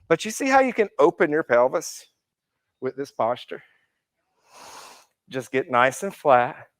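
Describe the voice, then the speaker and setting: A man's voice: a little high, no echo. A man teaching a live yoga class, counting students through poses with encouraging cues and playful asides. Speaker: yoga instructor. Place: indoor yoga class room.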